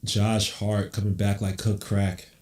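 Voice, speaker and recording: A man's voice: fairly low pitch, a little slow. Man, podcast host, casual game play-by-play, slangy outbursts, echoey room. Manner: loose slangy commentary with excited outbursts. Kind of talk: casual live watch-along play-by-play. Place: room at home on camera.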